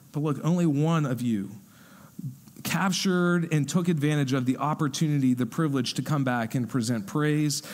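A male pastor giving a sermon in a conversational, animated way. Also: a little high. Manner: conversational, animated when acting out quotes.

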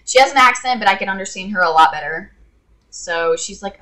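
A woman's voice: medium pitch, animated, brisk, pushed and bright. A woman vlogger telling an exasperated, sarcastic story to her viewers in a casual rant. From Indiana.

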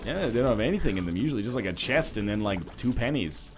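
A man's voice: mid-range voice, lively intonation, quick pace. A man co-hosting a gaming stream, wordy and sardonic, with an irritated throat. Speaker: streamer co-host. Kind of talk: casual gaming chat.

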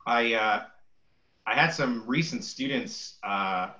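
Host guy, lots of uhs and ums, bright tense voice, dull lo-fi sound. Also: mid-range voice, slow. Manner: hesitant, filler-heavy speech. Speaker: host, martial arts teacher. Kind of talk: casual interview chat.

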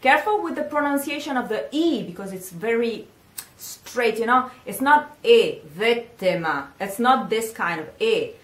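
A woman with an Italian accent, a singing teacher, giving a patient pronunciation lesson and repeating words slowly. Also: fairly high pitch, lively intonation. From Italy. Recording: echoey room.

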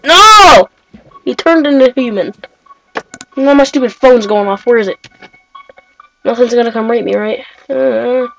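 Young female let's-player, higher voice, excitable running commentary to herself. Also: normal speed, vocal fry, long pauses, soft background music, rough recording. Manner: excitable, talks to herself, shrieks when startled. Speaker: gaming video creator. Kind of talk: Minecraft let's-play commentary.

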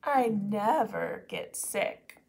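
A woman's voice: mid-range voice, big pitch swings, very slow, background noise, exaggerated voice. A woman voicing a boastful father bear in a storybook who sneezes while insisting he never gets sick. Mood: blustery.

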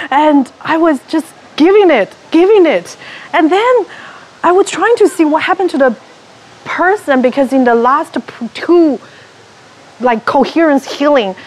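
High-voiced woman telling an animated story. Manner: animated storytelling, acting out her own thoughts. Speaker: retreat participant. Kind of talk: personal testimonial.

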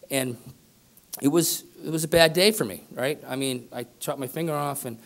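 In a conference room before a live audience, a middle-aged business speaker gives a storytelling keynote, rambling through a self-deprecating tale full of "right?" and "you know." His voice is a little high, gravelly and fairly bright, at a moderate pace.

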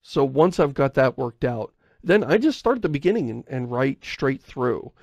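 A man's voice: medium pitch, sing-song, normal speed, vocal fry, darkish tone, no echo. A man co-hosting a podcast in casual chat, rambling and correcting himself as he goes, often chuckling. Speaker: podcast co-host.

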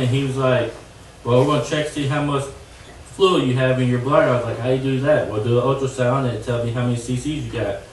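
A young man giving an earnest, halting testimony to his church. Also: mid-range voice, slight background noise. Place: church sanctuary. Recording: echoey church from far off.

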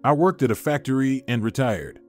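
A man's voice: mid-range voice, expressive, brisk, faint music behind, lightly acted. Polite retiree in his sixties, tired but hopeful, read by a man narrator. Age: 60s.

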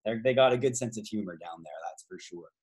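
A man's voice: fairly low pitch, fast talker, a little mellow. A man from Canada hosting a travel trivia game over a video call, rambling through side stories with many fillers. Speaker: trivia host and tour guide.

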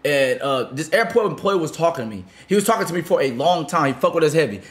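A man telling a story in casual chat with friends, animated and laughing as he acts out the people in it. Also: on the high side, fast talker, reverberant. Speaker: podcast regular.

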